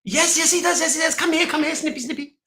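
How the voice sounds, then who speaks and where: A man putting on a shrill pushy insister. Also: fairly even intonation, fast talker, bright, forceful tone, full character voice. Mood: insistent. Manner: sing-song, insistent, repeating "snippy".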